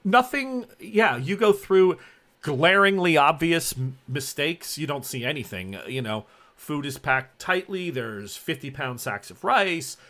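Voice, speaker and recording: A man's voice: a little high, expressive, unhurried, fairly bright tone. Male game master, loose descriptive narration, lots of fillers. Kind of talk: narrating a tabletop role-playing game.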